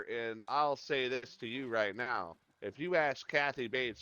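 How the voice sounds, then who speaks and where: A man's voice: medium pitch, measured pace, a bit bright, smooth. A man chatting casually while streaming a game, rambling and joking with lots of swearing. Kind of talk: casual gaming chat.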